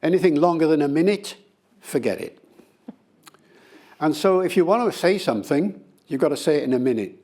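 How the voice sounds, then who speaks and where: An older man, a linguist being interviewed, answering in a lively, conversational way with playful demonstrations. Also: fairly high pitch, brisk, long pauses.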